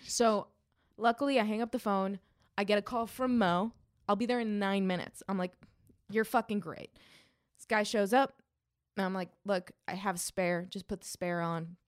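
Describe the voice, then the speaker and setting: A young woman co-hosting a podcast, telling a long story in a casual, animated way, swearing often and acting out what people said. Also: medium pitch, normal speed. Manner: animated, profane storytelling with quoted voices. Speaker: podcast co-host.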